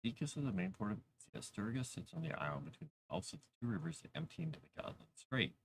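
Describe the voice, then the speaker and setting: A man's voice: medium pitch, very animated, quick pace, creaky, a little hiss or hum. A man chatting casually on a live stream while writing fantasy lore, rambling, talking to his cat and reading chat aloud.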